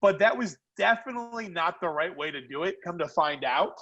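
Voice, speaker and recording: A man who founded a food company, a podcast guest telling animated stories in casual chat. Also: sits high, brisk, dull audio. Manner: animated, lively storyteller. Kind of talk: casual storytelling.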